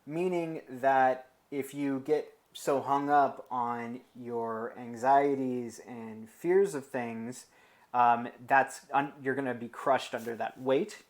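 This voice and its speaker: An American man teaching an informal lecture, talking through his material in a loose, conversational way. He wanders into asides and leans on fillers while still pressing his points. His pitch sits in the middle of the male range. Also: steady tone, takes it slowly.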